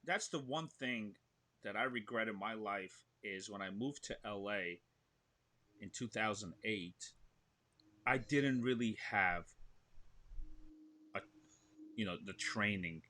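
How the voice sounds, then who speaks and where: A man's voice: on the low side, takes it slowly, pauses often. A man with a New York accent, a guest actor telling stories in a casual podcast interview and acting out what he describes. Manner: animated storyteller, acts out what he describes.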